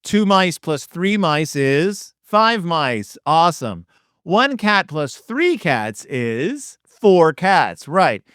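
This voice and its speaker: A man with a smooth, resonant voice and a lively, bouncing pitch, reading a children's activity book aloud for laughs. He quizzes the listener like a mock schoolteacher, dry and playful. The sound is close and dry, with no room around it. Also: extremely slow, no echo. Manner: deadpan, playful, teacher-like quizzing. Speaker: comedic podcast host.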